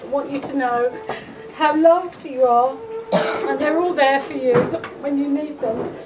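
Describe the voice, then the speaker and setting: Woman giving a eulogy, fond and heartfelt, fairly high voice, sounds far from the mic with noise behind. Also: measured pace. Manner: fond, heartfelt, chuckling between lines. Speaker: eulogy speaker, friend of the family. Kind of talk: memorial eulogy speech. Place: memorial gathering room. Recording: distant mic with background noise at a memorial gathering.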